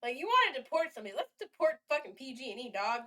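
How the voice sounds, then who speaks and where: A woman's voice: high voice, big pitch swings, very fast, pushed and bright, far from the mic. A woman live-streaming in casual chat, rambling and swearing freely, cooing baby talk at her cat now and then. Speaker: livestreamer. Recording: voice from away from the mic.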